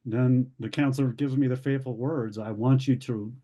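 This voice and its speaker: A man's voice: medium pitch, steady tone, normal speed, mellow. A man, the founder of a family ministry, giving a candid personal testimony and acting out the voices of people in his story. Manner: candid storytelling, acts out quoted voices, occasional laughs.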